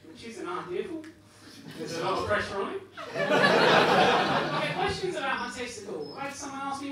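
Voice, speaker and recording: A man's voice: very high-pitched, huge pitch swings, moderate pace, pauses often, a loud crowd. A British man performing a stand-up comedy set with a dry, conversational delivery. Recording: echoey comedy club from a distance. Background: audience laughter.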